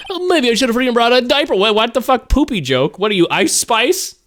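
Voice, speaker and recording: A man's voice: very high voice, sing-song, a little fast, few pauses, a bit bright, slight background noise. A man streaming a game, reading it aloud and joking with crude asides. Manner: joking, swearing, laughing. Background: game music.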